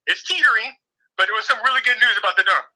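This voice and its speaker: Bright-voiced older opinionated co-host. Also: mid-range voice, expressive, racing, poor audio. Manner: opinionated, mocking voices for quoted opponents. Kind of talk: casual political chat.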